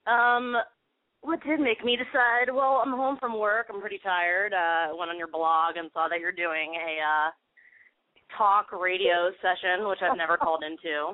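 A woman's voice: lowish voice, fairly even intonation, normal speed, dry recording. Giggly, hesitant young woman calling in. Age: 20s. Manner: hesitant, laughing nervously, many fillers. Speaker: caller. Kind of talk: casual call-in chat. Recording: dry, phone-like narrow sound.

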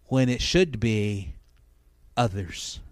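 Slow, emphatic middle-aged preacher. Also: male voice, on the low side, lively intonation, no room sound, clean studio sound. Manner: emphatic, repetitive, stretched-out phrasing. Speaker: pastor. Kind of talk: sermon.

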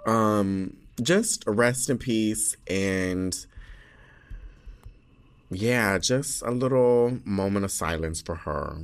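A man's voice: lowish voice, extremely slow. A man hosting his own podcast, talking casually and rambling with lots of fillers and laughs. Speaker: podcast host.

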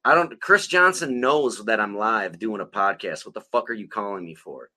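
A man's voice: fairly low pitch, lively intonation, moderate pace, pushed and bright. A man co-hosting a podcast, telling rambling stories in casual chat full of profanity. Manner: rambling, heavily profane storytelling. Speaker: podcast co-host.

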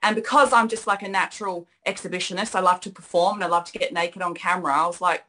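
A woman's voice: fairly low pitch, fairly even intonation, quick pace, sharp tone, poor audio. An Australian woman chatting as a guest on a video call, upbeat and chatty. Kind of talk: casual chat on a video call.

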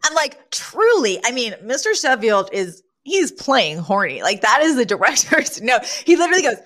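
A woman's voice: on the high side, sing-song, a little slow, fairly bright tone. A woman co-hosting a casual recap podcast, retelling scenes with animation and laughter. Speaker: podcast co-host.

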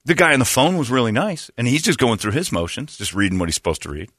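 A man hosting a casual talk show, telling stories with animated swings and mimicking customer service reps. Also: fast, dry recording, studio quality. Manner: animated storytelling, mimics phone reps in a low flat voice.

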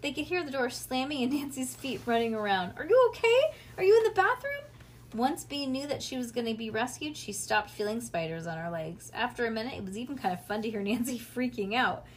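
A woman reading a children's storybook aloud in a casual, lively way with small slips. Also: a little high, a little fast, hardly any pauses, a little hiss or hum. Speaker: reader.

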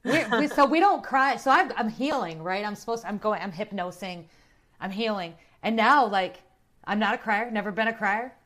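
Animated woman hosting a livestream. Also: mid-range voice, normal speed. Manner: animated, swears, reads horoscope aloud. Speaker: livestream host. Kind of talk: casual livestream chat.

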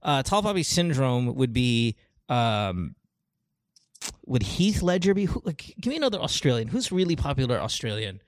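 An animated male host from the Philippines chats with callers, circling back and restarting his sentences as he goes. His mid-range voice is recorded close and dry, with no room around it. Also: medium pitch, moderate pace, no room sound. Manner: animated, talks through examples with frequent restarts and laughs. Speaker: radio show host. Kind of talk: casual chat with callers.

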